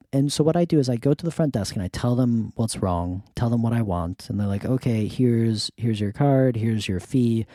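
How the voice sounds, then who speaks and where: A man's voice: on the low side, dry recording, studio quality. A man hosting a podcast, short of breath from illness, telling casual stories and acting out what others said. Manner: relaxed, anecdotal, acts out others' quotes. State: sick with pneumonia, short of breath. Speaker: podcast host. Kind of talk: casual storytelling.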